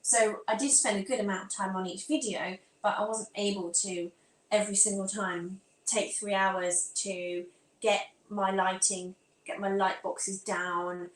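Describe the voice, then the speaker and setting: Streaming casually from a room at home, a woman with a near-standard southern English accent talks to viewers while fiddling with her phone and laptop, scattered and talking to herself. Her voice is medium-pitched, and the room is echoey with faint ambience.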